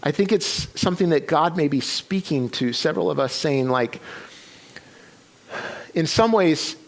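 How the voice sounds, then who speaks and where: A middle-aged pastor delivers a sermon in a casual, storytelling way. His voice sits a bit high and has a gravelly edge. He acts out the dialogue as he goes and often restarts his sentences. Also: animated, measured pace. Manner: conversational, retelling a story with quoted dialogue and many restarts. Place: church.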